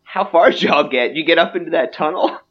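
A man narrating a tabletop game as game master, halting often and laughing between lines. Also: on the high side, dull audio.

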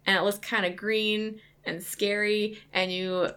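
Game master: bright-toned woman, loose, rambling narration. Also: medium pitch, little pitch movement, a little slow, clean tone. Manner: rambling, with many likes.

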